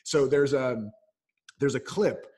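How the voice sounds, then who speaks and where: Here a coach on a podcast takes the interview questions slowly, in a husky, mid-range voice. Casual in tone, he tells animated stories and performs the voices in little exchanges.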